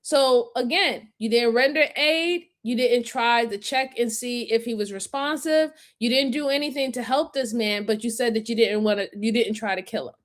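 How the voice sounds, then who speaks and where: A woman with a high voice hosts a live stream and talks back to a suspect on screen. She repeats her points over and over and sounds like she is scolding. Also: normal speed, hardly any pauses. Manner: emphatic, repetitive, scolding. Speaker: host reacting to an interrogation video.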